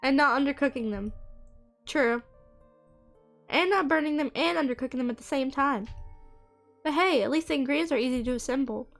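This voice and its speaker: A woman's voice: sits high, fairly quick, vocal fry, pauses often, a bit bright, faint music behind. A woman voicing a cheerful, chatty young woman who has just woken up, in a game playthrough. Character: cheerful sleepy young woman, friendly cousin.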